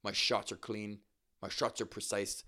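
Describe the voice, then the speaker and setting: A man's voice: on the low side, little pitch movement, a little slow, bright, forceful tone. A man reading out the boasts of a cocky male fighter, doing the lines in his own voice without an accent. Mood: boastful.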